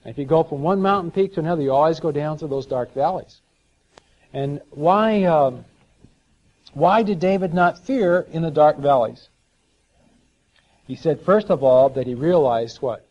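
A man preaching a sermon, telling a story and moving between soft asides and emphatic scripture reading. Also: a little high, normal speed, pauses often. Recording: dull lo-fi sound.

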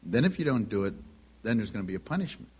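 A middle-aged male preacher with a husky, breathy edge to his voice. He tells homespun family anecdotes in the middle of a sermon. He slips into the dialogue of the people in each story as he goes. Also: lowish voice, sing-song, quick pace, darkish tone.

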